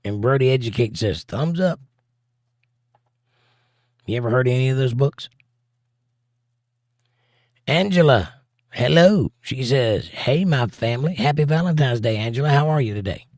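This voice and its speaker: A man's voice: mid-range voice, moderate pace, pauses often, darkish tone, no room sound, studio quality. A man hosting a casual live stream, reading viewer comments aloud and joking back at them. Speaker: livestream host.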